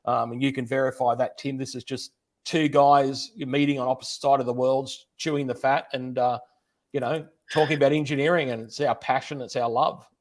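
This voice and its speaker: A man's voice: mid-range voice, level tone, a little fast. Aussie guy hosting a livestream chat, friendly, repeats himself a lot. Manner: chatty, friendly, repeats words. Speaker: host, interviewer. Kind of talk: casual livestream interview.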